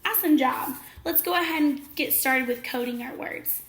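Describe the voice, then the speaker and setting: A woman teacher giving a phonics lesson to young children, speaking slowly and clearly with encouraging praise. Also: high voice, a bit bright, echoey room. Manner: slow, clear, encouraging classroom delivery.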